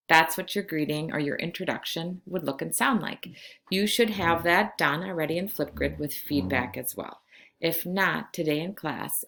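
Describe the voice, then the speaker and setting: Low-voiced woman teaching a class. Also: a bit bright. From California. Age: 40s. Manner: slow, clear classroom instruction switching between Spanish and English. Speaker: Spanish teacher. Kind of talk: recorded class lesson.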